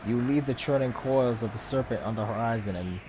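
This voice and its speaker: A man's voice: medium pitch, fairly quick, noisy background. A man playing a video game, reading its dialogue and narration aloud in a dramatic way, with his own comments in between. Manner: dramatic reading, voicing different characters. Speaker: video game let's player.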